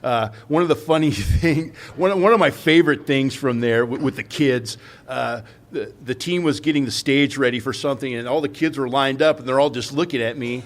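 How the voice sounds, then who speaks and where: A man's voice: medium pitch, fairly quick. A Californian man, a recovery guest speaker, telling stories animatedly and acting out quotes in a live conversation in a coffee house. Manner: animated storytelling, acts out quotes.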